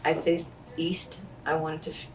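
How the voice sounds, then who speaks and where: Low-voiced woman telling stories. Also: flat delivery, unhurried, recorded from a distance, a little hiss or hum. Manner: acts out quoted dialogue in the stories. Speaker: interview guest. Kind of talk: conversational storytelling.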